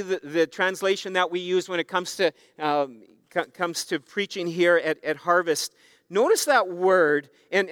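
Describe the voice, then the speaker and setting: Earnest high-voiced preaching man. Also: a bit bright, no room sound, studio quality. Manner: conversational, earnest preaching with emphatic repetition. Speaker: pastor. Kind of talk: sermon. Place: church.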